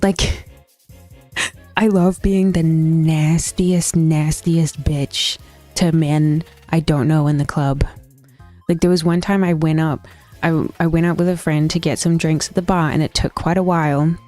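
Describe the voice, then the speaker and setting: Young woman streamer, low mellow voice, blunt, sweary casual chat. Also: steady tone, a little slow, soft background music. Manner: blunt, swears freely, laughs between stories.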